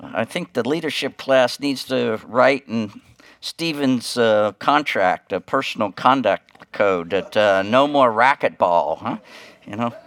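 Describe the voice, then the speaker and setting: A man's voice: mid-range voice, measured pace, fairly bright tone, no echo. A middle-aged man preaching as a guest pastor, in a folksy, chatty way with many asides and restarts. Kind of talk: conversational sermon with humor.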